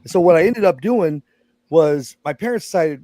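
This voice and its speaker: A man's voice: a little high, animated, moderate pace, dark tone, no echo. A man in his forties, a guest on a stream, telling his story casually in a blunt, self-mocking way. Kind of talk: casual chat.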